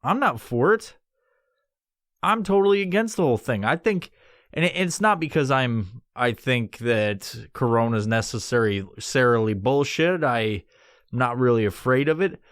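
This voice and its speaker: A man from New York runs his own podcast alone in the studio. He talks in a swaggering, profane, meandering way, leaning into a put-on tough-guy tone. His voice sits at a middle pitch and sounds close and dry, with no room around it. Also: lively intonation, measured pace, a bit bright, no echo. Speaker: podcast host. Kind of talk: solo podcast monologue.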